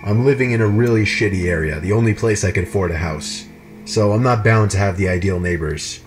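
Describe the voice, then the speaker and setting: Man, low voice, scripted horror narration, measured and even, faint music underneath.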